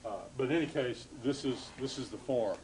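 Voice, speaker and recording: A man lecturing a class on grammar, halting and full of fillers, stopping to correct himself. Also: medium pitch, background noise.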